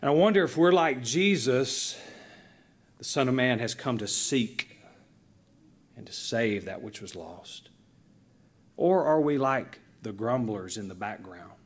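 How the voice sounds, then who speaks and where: A male pastor preaching to his congregation. His voice is a little husky, and he tells stories with lively, emphatic changes in loudness and pace. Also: mid-range voice, unhurried, pauses often. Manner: animated storytelling with emphatic dynamic shifts. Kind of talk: sermon.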